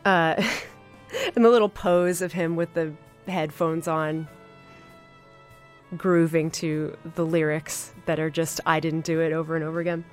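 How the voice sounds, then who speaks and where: A woman hosting a podcast, reviewing an episode in a casual, enthusiastic way with many fillers and pauses. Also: sits low, steady tone, soft background music. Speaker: podcast host.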